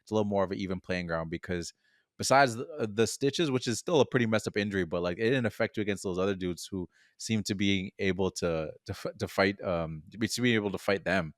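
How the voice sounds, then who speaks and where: A man's voice: deep voice, quick pace, no room sound, studio quality. A young man co-hosting a podcast, chatting about a film in a rambling way, laughing often and trailing off. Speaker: podcast co-host. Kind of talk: casual film discussion.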